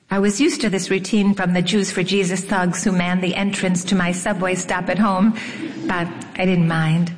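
A woman reads her memoir aloud slowly, with a wry, measured delivery. Her voice sits at a middle pitch and trails off into a long reverb. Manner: wry, unhurried storytelling. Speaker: narrator. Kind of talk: audiobook memoir reading.

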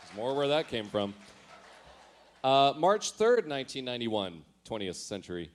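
This man speaks at medium pitch, very animated, a little slowly, with long pauses. He is a storyteller reading his old teenage diary for laughs, delivering entries in a dramatic, mock-earnest way. He keeps cracking up at himself and adds embarrassed asides.

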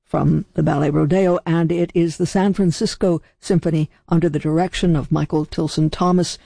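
A woman radio host with a gravelly voice, giving the weather and chatting about music with a conversational manner. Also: low-pitched, fairly even intonation, moderate pace, mellow, no echo. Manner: conversational, with restarts. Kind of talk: casual radio hosting.

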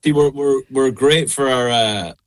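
A man's voice: medium pitch, unhurried. A young man with a midlands Irish accent, chatting easily as a radio guest and laughing often. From Ireland. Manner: laid-back, laughs often. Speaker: guest singer. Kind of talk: casual radio interview.

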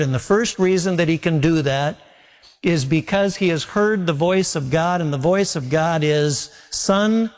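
A male pastor preaching a sermon in a folksy, repetitive way, telling homely stories. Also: on the high side. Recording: long reverb of a large hall.

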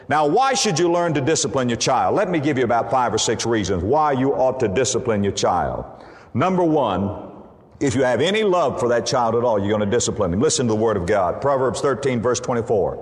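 A man's voice: medium pitch, very animated, normal speed, big-room sound. A man preaching a sermon, building to emphatic bursts and quoting scripture as he goes. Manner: preaching with rising emphatic bursts and Bible quotations. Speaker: pastor.

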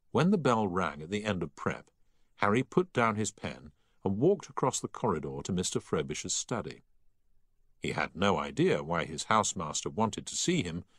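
Man, audiobook narrator, deep voice, very lively pitch, dry close mic. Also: no room sound. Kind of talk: scripted narration.

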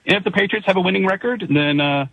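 A man's voice: high-pitched, quick pace, gravelly, bright, forceful tone, slightly rough, low-quality recording. A man calling into a radio show, talking in a hesitant, stammering, good-natured way. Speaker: caller. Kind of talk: call-in radio chat.

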